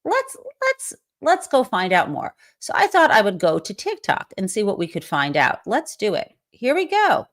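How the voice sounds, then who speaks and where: A woman's voice: mid-range voice, huge pitch swings, moderate pace, few pauses. A woman hosting a live talk show, giving snarky, profane, conversational commentary. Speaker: host.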